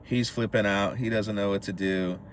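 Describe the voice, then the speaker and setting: In a lowish voice at a normal pace, a male podcast co-host relaxedly goes over a film's story. He dramatizes it, acting out the characters' lines, against a faint hiss or hum.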